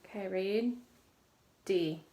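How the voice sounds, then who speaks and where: A woman teacher leading a phonics lesson for children, slowly drilling sounds and praising often. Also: mid-range voice, warm tone. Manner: slow, encouraging, drilling sounds with frequent praise. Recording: echoey room with faint noise.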